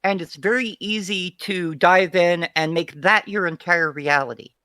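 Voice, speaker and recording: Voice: medium pitch, moderate pace, sharp tone, no echo, studio quality. An interview guest speaking frankly and bluntly in long, unbroken runs of casual talk.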